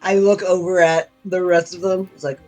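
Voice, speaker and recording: A player in a tabletop role-playing game who talks in a slow, laid-back and hesitant way. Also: medium pitch, level tone, a little mellow, faint music behind, poor audio.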